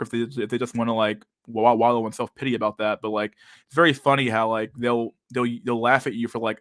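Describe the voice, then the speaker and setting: This is a young man hosting a relaxed livestream chat and reading viewers' messages, with a lisp, a stutter and many fillers. His medium-pitched voice is a bit bright and shows little pitch movement at a brisk pace. There's no room sound, and the quality is studio-grade.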